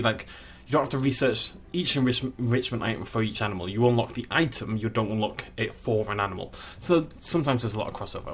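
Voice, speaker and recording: A man's voice: mid-range voice, slight background noise. A young man giving casual commentary as he plays a zoo game, chatting and cooing at the animals. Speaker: gaming channel host.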